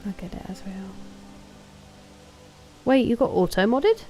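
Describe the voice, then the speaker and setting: A woman's voice: medium pitch, sing-song, measured pace, dark tone, soft background music, poor audio. A woman streaming a game, chatting casually with her viewers, greeting and thanking them and answering their questions.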